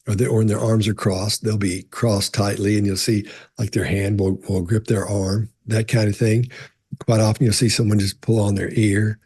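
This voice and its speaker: A man's voice: on the low side, darkish tone, husky, dry recording. A middle-aged man with a conversational style, answering questions about body language and telling stories with frequent restarts. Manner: conversational, storytelling, frequent restarts and "you know". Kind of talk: casual explanatory talk to camera.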